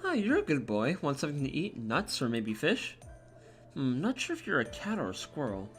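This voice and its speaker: A man's voice: on the high side, wildly swooping pitch, normal speed, soft background music. A man voicing a vain, playful genius woman in a game, teasing and self-assured.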